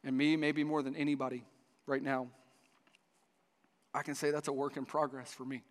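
A man's voice: medium pitch, level tone, moderate pace. Man preaching in a reverberant hall. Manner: storytelling with many restarts, voices the dialogue. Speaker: pastor. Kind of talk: sermon.

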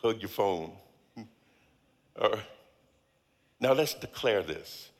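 A middle-aged man preaching a sermon with a fairly low voice. He leads the crowd in call-and-response declarations and stretches key phrases for weight. His voice rings with the long reverb of a big church hall. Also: expressive, slow pace. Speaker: guest speaker.

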